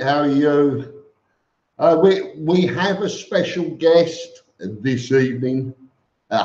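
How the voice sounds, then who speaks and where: Male live-stream host, slow and chatty, in an echoey room, muffled lo-fi sound. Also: mid-range voice, a little mellow. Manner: greets viewers by name, chatty. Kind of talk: casual live stream chat reading comments. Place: home room with fans on.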